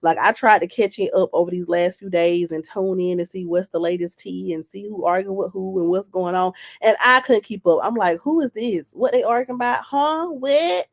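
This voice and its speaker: A woman's voice: on the low side, steady tone, brisk, vocal fry, hardly any pauses. A young woman with a cold, chatting casually and animatedly to viewers on a live stream, repeating phrases and greeting people by name. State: has a cold. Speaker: YouTuber live-streaming to her audience.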